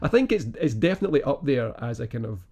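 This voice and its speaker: Male podcast co-host, dark gravelly voice, easygoing chat. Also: mid-range voice, quick pace. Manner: relaxed, chuckles often, many fillers. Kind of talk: casual film review chat.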